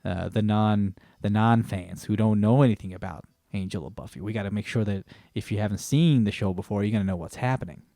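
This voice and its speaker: A man putting on a deliberately bad American accent to play a pushy male TV executive. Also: on the low side, dark tone, no room sound, studio quality, close to an everyday voice. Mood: mocking.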